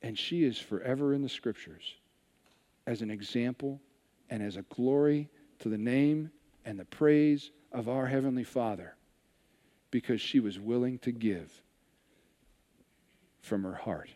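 A man preaching a sermon, telling a scripture story with animated retellings and hushed asides. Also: mid-range voice, unhurried, long pauses, big-room sound. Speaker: pastor.

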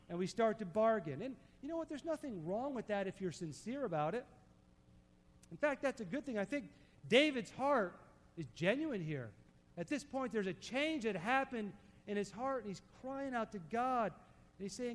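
A man preaching a sermon, emphatic, dropping to soft low tones to stress a point. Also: expressive, moderate pace, long reverb tail. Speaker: pastor.

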